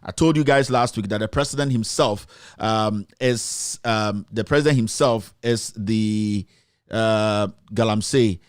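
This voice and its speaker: A man's voice: lowish voice, measured pace, clear, resonant tone, no echo. Ghanaian guy ranting on a political stream, keeps repeating himself, english and twi mixed, dry sound. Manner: impassioned, repetitive, mixes English with Twi. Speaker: political commentary host. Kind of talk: live-streamed political commentary.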